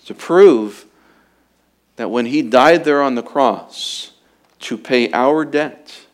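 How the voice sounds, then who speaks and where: A man preaching a sermon as pastor, emphatic and urgent, swinging from loud declarations to hushed, quiet passages. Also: medium pitch, slow.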